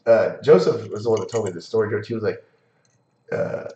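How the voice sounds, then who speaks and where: A man's voice: fairly low pitch, fairly quick, mellow. A man telling a rambling, profane story in casual chat. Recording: echoey room, dull lo-fi sound.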